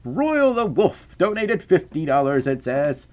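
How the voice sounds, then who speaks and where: Chatty Southern man with a lively voice. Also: on the high side, measured pace, hardly any pauses, highs cut off. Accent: Southern US, softened. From Southern United States. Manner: stammering repeats, frequent laughter, rambling. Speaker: live streamer reading donations. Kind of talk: casual livestream chat.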